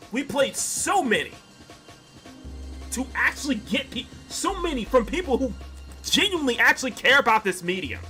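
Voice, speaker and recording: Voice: medium pitch, sharp tone. A streamer in their thirties ranting heatedly about a game during a stream. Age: 30s. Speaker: gaming streamer.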